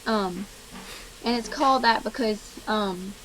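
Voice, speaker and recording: A woman from South Louisiana with a Cajun accent, explaining accents in a relaxed, hesitant way with many ums. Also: mid-range voice, measured pace, noisy background. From South Louisiana, USA. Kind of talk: casual explanatory monologue. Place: played from another recording.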